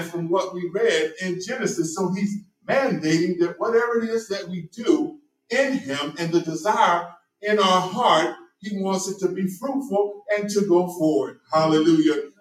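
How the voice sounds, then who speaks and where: A man preaching a sermon as pastor, constantly interjecting amen and hallelujah. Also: high voice. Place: church sanctuary. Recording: echoey room, voice from a distance.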